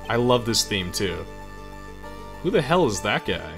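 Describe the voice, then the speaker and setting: A man's voice: on the low side, big pitch swings, measured pace, over music. A man streaming a game, chatting enthusiastically with viewers and laughing often. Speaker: let's play streamer. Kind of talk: casual game commentary.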